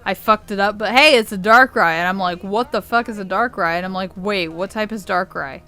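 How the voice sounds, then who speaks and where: A woman's voice: medium pitch, fairly quick, sharp tone. A young woman giving casual, rambling video game commentary, laughing often and swearing freely. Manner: giggly, rambling, swears a lot. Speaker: gaming YouTuber.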